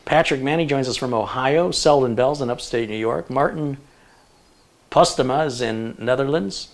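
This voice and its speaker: A man's voice: mid-range voice, moderate pace. A middle-aged man hosting a tech livestream, reading out where viewers are from and tossing in jokey asides. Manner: chatty, jokey asides while reading a list. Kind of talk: casual livestream chat, reading viewer locations.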